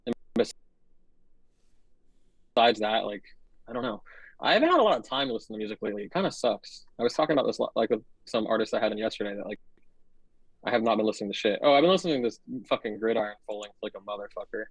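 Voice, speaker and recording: A man's voice: fairly low pitch, expressive, fast talker, pauses often, no room sound, low-quality recording. A man who plays in metal bands, chatting as a podcast guest in a laid-back, easygoing, profane way. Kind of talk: casual chat.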